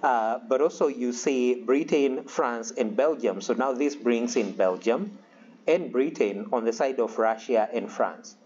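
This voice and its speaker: A man's voice: mid-range voice, measured pace, a little mellow. Chatty male history lecturer, lo-fi. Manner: loose and conversational, with many fillers and acted-out asides. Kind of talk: recorded classroom lecture.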